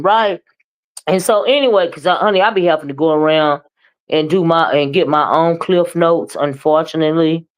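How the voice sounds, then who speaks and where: A woman hosting a casual live-stream gossip show, talking in a sassy, emphatic, drawn-out way. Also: deep voice. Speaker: live-stream commentary host.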